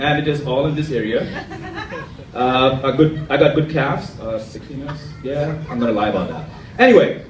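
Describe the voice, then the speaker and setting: A man's voice: high voice, slight background noise. Crude self-mocking male stand-up comic. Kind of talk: stand-up comedy set. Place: comedy club stage. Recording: echoey club from far off. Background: audience laughter.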